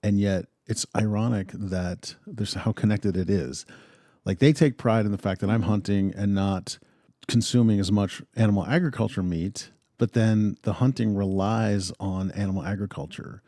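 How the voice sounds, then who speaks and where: A man co-hosting a radio talk show, chatting in a relaxed, conversational way. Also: lowish voice, normal speed, no room sound, studio quality. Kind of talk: casual discussion.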